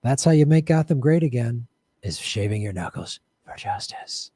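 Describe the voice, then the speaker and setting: A man's voice: mid-range voice, animated, moderate pace, dark tone, breathy edge, no echo, clean studio sound. Chatty man hosting a livestream. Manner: loose, chatty, laughs often, thanks viewers by name. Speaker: livestream show host. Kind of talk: casual livestream sign-off chat.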